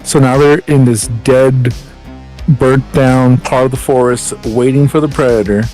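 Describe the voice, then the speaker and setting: A man's voice: mid-range voice, fairly even intonation, a little slow, darkish tone, faint music behind, rough recording. A man co-hosting a podcast, summarizing a film's plot in a laid-back, joking way. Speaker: podcast co-host. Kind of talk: casual podcast chat.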